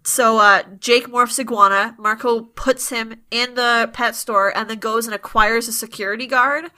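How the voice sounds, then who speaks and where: A woman's voice: fairly high pitch, steady tone, normal speed, hardly any pauses, sharp tone. A woman hosting a podcast, casually recapping TV episodes in a chatty, laughing way and swearing freely. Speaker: podcast host.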